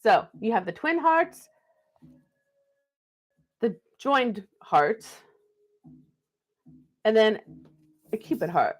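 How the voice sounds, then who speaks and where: A woman's voice: fairly high pitch, very animated, drawn-out words, long pauses. A woman hosting a live stream card reading, chatting and laughing between the messages she reads aloud. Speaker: card reader.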